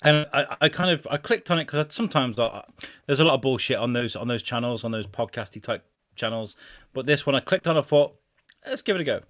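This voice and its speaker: A man, co-hosting a podcast in casual, animated chat. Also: mid-range voice, brisk, no room sound, clean studio sound. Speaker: podcast co-host.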